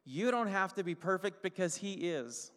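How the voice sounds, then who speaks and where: A male pastor delivers an emphatic sermon in a high voice, piling up short phrases one after another. His words echo with a long reverb, as if spoken in a large church hall. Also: lively intonation, fairly bright tone. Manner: emphatic, repeats short phrases, slows down on key lines.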